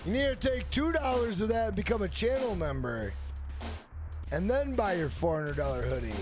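Excitable, foul-mouthed male streamer, high voice. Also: normal speed, music in the background. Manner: excitable, profane, loud outbursts; banters with chat and greets viewers. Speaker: gaming streamer. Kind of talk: live gameplay stream commentary.

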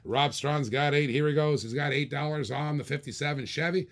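A man hosting a live-streamed toy car auction, calling bids in quick repeated bursts with chatty asides to viewers. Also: on the high side, fairly even intonation, vocal fry, fairly bright tone. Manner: rapid repetitive bid calling, chatty asides. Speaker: auctioneer host.

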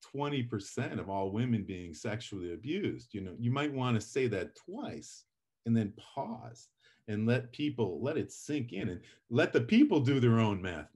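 A middle-aged man runs a public speaking class, his voice sitting a little low. He lectures casually, swinging between loud and quiet to show his points. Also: moderate pace, breathy edge. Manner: animated, varies volume and pace for effect.

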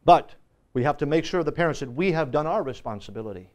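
A man's voice: fairly high pitch, lively intonation, fast talker. A male pastor teaching a Sunday school lesson in a church, preaching fervently and repeating lines for emphasis.

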